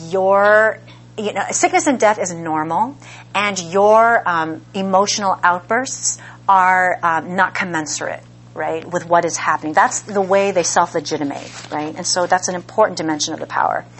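A woman gives a university-style lecture at a middle pitch. She keeps it conversational and loose. She often pauses to ask "right?" before going on. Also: fairly bright tone. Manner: conversational, frequent "right?" check-ins. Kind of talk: academic lecture.

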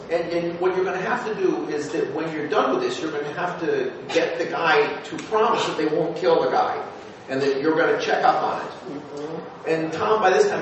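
A man, a former TV news producer, telling anecdotes to an audience, lively and halting with fillers and restarts. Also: on the high side. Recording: echoey hall, voice from far off with noise.

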